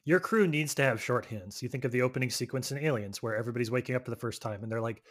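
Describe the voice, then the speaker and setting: A man's voice: medium pitch, racing. A man co-hosting a casual film podcast, giving thoughtful, analytical comments. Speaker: podcast co-host.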